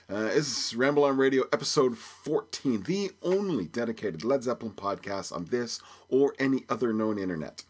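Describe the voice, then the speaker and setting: A man's voice: fairly low pitch, lively intonation, fairly quick, hardly any pauses, breathy edge. A man of about fifty from Belfast, hosting a podcast in a rambling, joking way with many fillers. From Belfast, Northern Ireland. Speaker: podcast host. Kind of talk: casual solo podcast chat.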